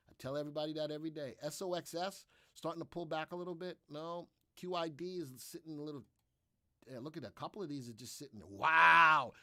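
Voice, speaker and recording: A man's voice: fairly high pitch, no echo, studio quality. A man hosting a live trading room, talking energetically and repetitively through his trades while answering viewers' questions.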